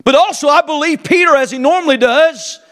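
A man preaching a sermon to a congregation, impassioned, swinging between shouted emphasis and quiet, low asides. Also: a little fast. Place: church service before a congregation.

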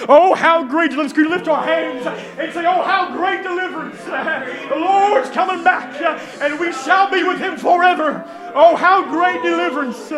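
A man preacher giving a fervent sermon in church, often shouting with rising intensity. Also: very high voice, normal speed. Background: faint piano music.

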